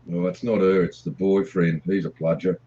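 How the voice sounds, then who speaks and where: A man's voice: low voice, fairly even intonation, normal speed, dark tone, highs cut off. A man calling in for a casual chat, plain-spoken and leaning on "you know.". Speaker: caller.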